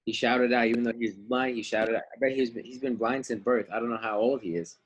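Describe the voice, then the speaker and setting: A man's voice: medium pitch, fairly even intonation, fast talker, husky, dull audio. A man teaching a Bible lesson over a video call, retelling the story casually in everyday slang. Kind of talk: online Bible class lesson.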